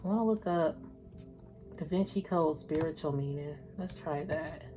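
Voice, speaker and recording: A woman's voice: low voice, normal speed, music in the background. A woman doing a casual spiritual reading, chatting with viewers in a slangy, loose way. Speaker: spiritual tarot reader.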